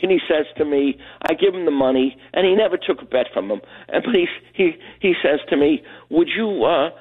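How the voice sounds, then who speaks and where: An older man from Brooklyn, calling in to a radio show and telling a rambling, animated story. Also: a little high, a little fast, husky. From Brooklyn, New York. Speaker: caller. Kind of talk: phone-in storytelling. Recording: tinny phone line.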